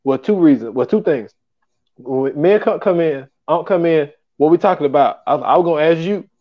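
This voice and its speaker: A man's voice: a little high, brisk, highs cut off. A man hosting a podcast in casual chat, rambling and filling with "you know what I'm saying.". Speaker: podcast host.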